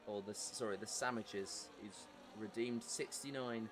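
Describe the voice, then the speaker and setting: An English man calls a sim racing event live, his voice sitting a little on the low side. He is chatty and breaks off from the race updates to answer his viewers, with a faint hum of noise behind him. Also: fairly even intonation, a little slow. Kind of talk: live esports race commentary.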